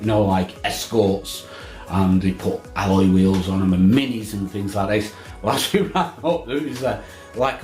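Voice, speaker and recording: A man's voice: mid-range voice, reverberant. A man, a fishing vlogger telling a rambling, swearing anecdote with lots of restarts. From England. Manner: swearing, laughing anecdote teller with many restarts. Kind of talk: casual storytelling.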